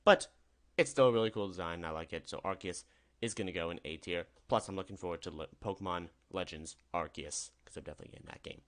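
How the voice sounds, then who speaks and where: A man's voice: low-pitched, fast talker. A young man giving casual, rambling commentary as a gaming video host, upbeat and often correcting himself. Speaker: gaming YouTuber. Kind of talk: casual tier-list commentary.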